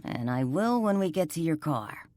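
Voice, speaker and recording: A woman narrator voicing a male police sergeant who talks in a calm, patronizing, firm way. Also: low-pitched, moderate pace, no echo.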